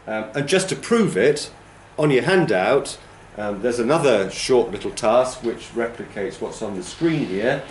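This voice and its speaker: In this classroom lecture, a male TESOL trainer speaks at medium pitch with an expressive delivery, measured pace, and few pauses. Patient and explanatory, he exaggerates word stress by drawing words out as demonstrations. There's slight background noise and the echo of a roomy classroom.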